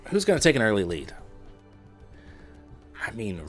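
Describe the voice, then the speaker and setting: Brief: easygoing Midwestern man, lower register, joking livestream host. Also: very animated, normal speed, long pauses, faint music behind. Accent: neutral Midwestern. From Indianapolis, US Midwest. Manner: chatty, joking with chat, playful asides. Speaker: trading livestreamer. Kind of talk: casual livestream commentary.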